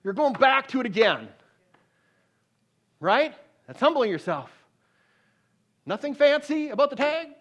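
In this sermon, a man alternates between booming emphasis and soft, low-key storytelling, often restarting with repeated words. He is highly animated yet unhurried, pausing frequently, and the recording's high frequencies are cut off.

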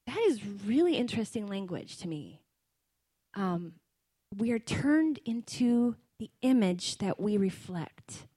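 Earnest woman preaching, higher voice. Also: lively intonation, measured pace, darkish tone, no echo. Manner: earnest, conversational preaching with fillers. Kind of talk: sermon.

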